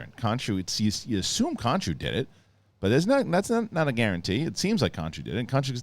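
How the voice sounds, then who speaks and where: A man hosting a casual show, excitedly retelling scenes in a rambling way full of restarts. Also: mid-range voice, fast talker, no room sound. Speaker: show host reviewing a TV episode. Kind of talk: casual spoken review.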